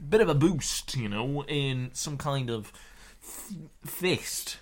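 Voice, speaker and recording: A man's voice: mid-range voice, lively intonation, slow. A man doing a put-on Yorkshire accent as a rambling, hesitant pundit character on a podcast. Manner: hesitant, full of uhs. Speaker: podcast co-host.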